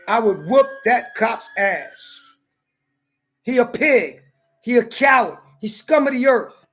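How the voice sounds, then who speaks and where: A man tells a story in an angry, profane rant. He talks heatedly and breaks into shouts. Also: very high voice, expressive, takes it slowly, soft background music. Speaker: ranting commentator.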